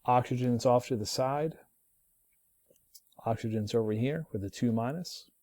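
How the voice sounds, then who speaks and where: A relaxed man walks through a chemistry lesson, often pausing with ums and starting lines over. His voice is mellow and dark. It is recorded close up and dry, with no room sound. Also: medium pitch, dry recording. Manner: relaxed, thinking aloud with many ums and restarts. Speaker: chemistry teacher.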